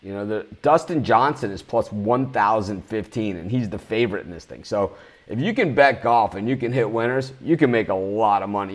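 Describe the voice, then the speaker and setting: A man hosting a live sports betting show, talking bluntly in a ranting, swearing manner. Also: lowish voice.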